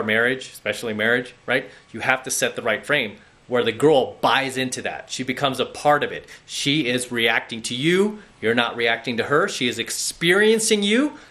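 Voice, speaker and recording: A man's voice: medium pitch, pushed and bright. A man speaking as a dating coach in a direct-to-camera monologue, lecturing bluntly and often checking in with "okay?" and "right?".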